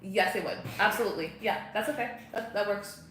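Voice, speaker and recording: Chatting casually and answering her viewers' comments, a young livestream host talks from home at a medium pitch and a slightly quick pace. Faint ambient noise and room echo come through the recording.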